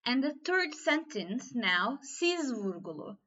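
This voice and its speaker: Woman teacher, native Turkish speaker, higher voice, very slow deliberate delivery, dull lo-fi recording. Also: expressive, fairly bright tone. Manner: slow, careful explaining with repeated examples. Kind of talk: online language lesson.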